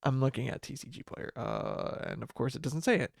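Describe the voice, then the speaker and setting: Gravelly, rambling man hosting a podcast. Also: medium pitch, wildly swooping pitch, a little fast, no echo, clean studio sound. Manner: rambling, with many restarts and self-corrections; laughs often. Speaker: podcast host. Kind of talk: casual solo livestream chat.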